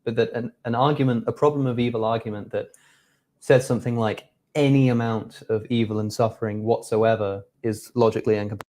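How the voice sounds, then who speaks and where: A man's voice: mid-range voice, fairly even intonation, fast talker, mellow. A man arguing in a panel discussion, stammering and repeating words as he makes his point. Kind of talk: casual debate.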